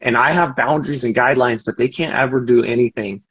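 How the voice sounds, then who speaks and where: A man's voice: mid-range voice, quick pace, husky. A man, a firefighter and father, talking earnestly and emotionally in a casual conversation, often restarting his sentences. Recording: muffled lo-fi audio.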